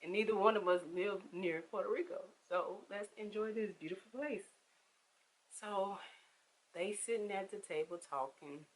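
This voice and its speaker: A young woman, telling a casual storytime vlog with animated, emphatic delivery and acted-out quotes. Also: mid-range voice, normal speed, rough recording.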